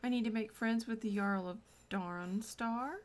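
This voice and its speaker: A woman streaming a game at home, chatting excitedly and murmuring to herself as she plays. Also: on the high side, a little slow. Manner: excitable, chatty, drifts into soft murmurs while playing. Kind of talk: casual gameplay commentary. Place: home room.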